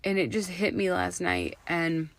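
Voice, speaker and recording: A woman in her thirties hosting her own podcast, slightly hoarse from illness, talking in an excited, effusive way and dropping to a whisper for emphasis. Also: fairly low pitch, measured pace, no echo. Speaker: podcast host. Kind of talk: solo podcast monologue.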